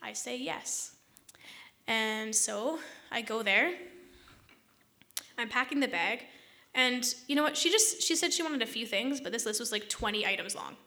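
Bright, chatty woman telling a story. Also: fairly high pitch, animated. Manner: chatty, exasperated, quick asides. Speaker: vlogger telling a personal story. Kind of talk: casual storytelling to camera.

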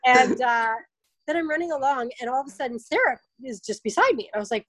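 A woman's voice: fairly high pitch, fast, dry recording, poor audio. A woman in her thirties chatting about racing, telling stories and acting out what people said to her. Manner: chatty storyteller, acts out quotes with lively voices. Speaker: guest, obstacle race athlete. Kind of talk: casual podcast interview.

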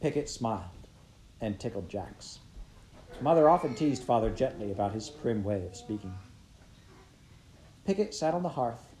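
A woman narrates a storybook in an expressive, measured voice. Her pitch is unusually deep and moves with lively swings. A steady hiss runs beneath the recording. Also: poor audio. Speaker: audiobook reader.

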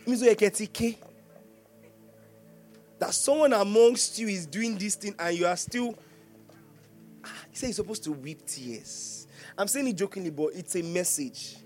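A Nigerian man preaching with a fairly high voice, full of jokes and laughter. He keeps asking his congregation questions as he goes, over soft music in the background. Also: lively intonation, a little slow, pauses often. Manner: humorous, laughing often, teasing the congregation. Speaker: pastor. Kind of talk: sermon.

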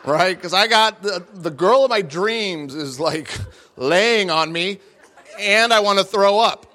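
His pitch is high and his tone bright and forceful as he speaks expressively and slowly. The middle-aged man is a guest speaker in a large room, acting out the voices in a comic story at his own expense for a live audience.

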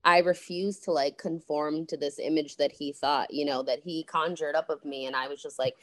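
A woman's voice: sits low, fairly even intonation, normal speed, fairly bright tone, no echo. A woman therapist, a podcast guest, recounting her past frankly and animatedly, swearing freely. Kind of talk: candid storytelling interview.

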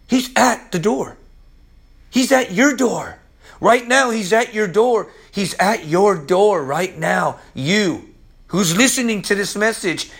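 A man with a notably high voice preaches with bubbling excitement. He laughs often and keeps repeating phrases for emphasis as he hosts his own Bible teaching show. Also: breathy edge.

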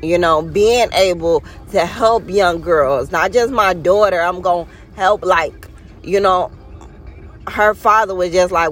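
A woman hosts a podcast, talking directly to listeners in a slow, deliberate inspirational monologue that's casual and heartfelt. Her lowish voice is a bit bright. Emphasizing and drawing out key words, she sounds earnest and a little preachy as she urges them on.

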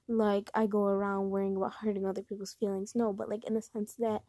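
A woman's voice: mid-range voice, little pitch movement, fast, warm tone, dry recording. A young woman vlogger giving casual advice in a chatty, rambling way with lots of fillers. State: hiccups.

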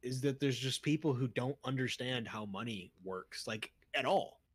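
A man's voice: mid-range voice, normal speed, slightly rough, no echo. A young man co-hosting a casual podcast, rambling and trailing off mid-thought with frequent laughs. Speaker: podcast co-host.

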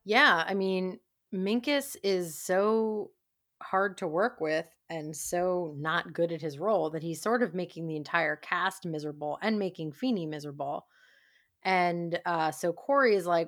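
A woman co-hosting a podcast, casually recapping a TV episode in a chatty, relaxed way. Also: on the low side, measured pace. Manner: chatty, relaxed, uses lots of "like". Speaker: podcast co-host.

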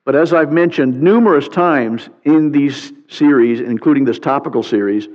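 A man preaching a sermon as a pastor, reading scripture aloud in an animated way with playful sarcasm. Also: mid-range voice, moderate pace. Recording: muffled sound with long hall reverb.

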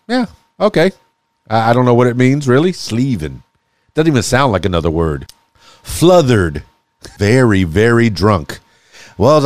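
A man's voice: on the low side, no echo. A man hosting a casual solo podcast, reading sayings aloud and musing on them with small chuckles and restarts. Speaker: podcast host.

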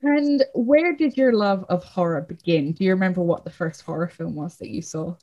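A woman's voice: fairly low pitch, normal speed, warm tone, lo-fi sound. A woman, hosting a casual podcast interview in a chatty way and laughing often. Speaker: podcast host.

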